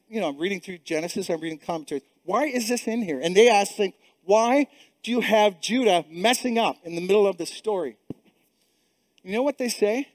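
A man's voice: high-pitched, no echo. A middle-aged male pastor preaching a sermon with emphatic repetition and frequent restarts. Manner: emphatic, repeats words, many restarts.

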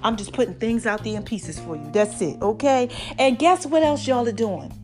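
A woman hosting her own podcast, talking casually and excitedly to her listeners, laughing often. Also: a little high, moderate pace, soft background music. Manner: hyped, expressive, laughs often. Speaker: podcast host.

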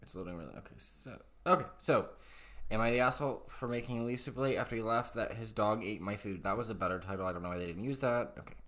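A man with a fairly low voice co-hosts a casual podcast. He reads posts out loud in a halting way, stumbling and restarting, then drops in blunt, profane asides. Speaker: podcast co-host. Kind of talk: casual chat, reading posts aloud.

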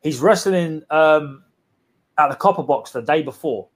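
A young man, co-hosting a casual podcast chat, excitable and sweary, rambling with lots of fillers. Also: a little high, a little slow. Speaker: podcast co-host.

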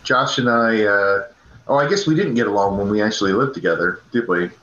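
A man's voice: on the low side, a little fast, fairly bright tone. A man co-hosting a casual movie review chat, making dry, wry remarks. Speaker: podcast co-host. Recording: roomy, dull lo-fi sound.

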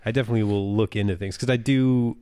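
A man's voice: on the low side, fairly even intonation, quick pace, mellow, clear, resonant tone, no echo. A man co-hosting a podcast in casual chat, joking and laughing often. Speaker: podcast co-host.

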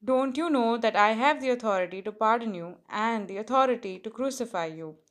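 A woman's voice: a little high, close to an everyday voice. A woman reading as a stern Roman governor. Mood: questioning. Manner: slow, measured reading.

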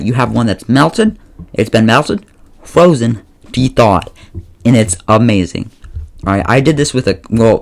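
A man hosting a casual solo podcast, rambling and often correcting himself mid-sentence, playfully pleading with his listeners. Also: on the low side. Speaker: podcast host.

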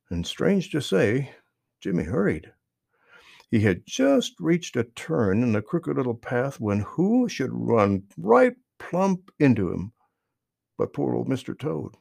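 A man narrating a children's story, gentle and expressive. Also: a little high, gravelly, dry recording, clean studio sound.

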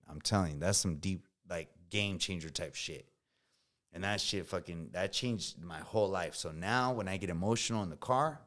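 Man, very low voice, candid, profane, slangy storytelling. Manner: profane, emphatic, slangy with many "bro"s. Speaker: combat veteran guest.

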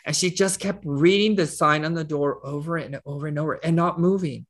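A man's voice: fairly high pitch, fairly quick, a bit bright. A man, a nonprofit CEO, telling a personal story as a guest in an earnest, conversational way, with frequent restarts. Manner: earnest, with many restarts and fillers.

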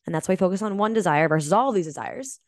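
Woman, lowish voice, podcast host, motivational coaching, earnest and emphatic, casual swearing, dry close sound. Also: animated, no room sound. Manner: earnest, emphatic, swears casually, slows down to stress key words.

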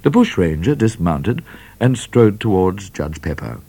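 A man reading a children's storybook aloud in a measured, expressive narration. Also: deep voice, creaky, husky. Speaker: reader.

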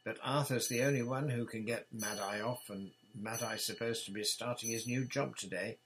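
A man voicing a brisk, gossipy middle-aged male wizard official, urgent and chatty. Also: medium pitch, steady tone, noisy background, pitched above the performer's own voice, natural voice. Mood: apologetic.

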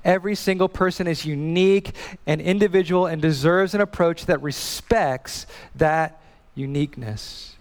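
A man's voice: a little high, normal speed. Man preaching in a reverberant hall. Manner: animated storytelling, repeats and restarts words. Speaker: pastor. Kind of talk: sermon.

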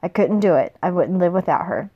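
A woman's voice: fairly low pitch, lively intonation, brisk, breathy edge, lo-fi sound. Woman casually reading a novel aloud. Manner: plain reading, with slips and self-corrections. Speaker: reader.

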